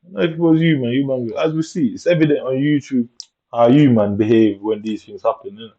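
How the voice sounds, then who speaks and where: A man mutters and rants in heavy while commentating his own gameplay. His voice is mellow and dark, and he sounds aggrieved throughout. The recording is dull and lo-fi. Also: mid-range voice, fast talker.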